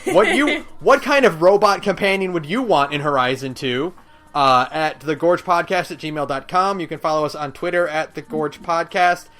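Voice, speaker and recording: A man co-hosting a gaming podcast in relaxed casual chat, with lots of fillers and casual swearing. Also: on the high side, moderate pace. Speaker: podcast co-host. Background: faint background music.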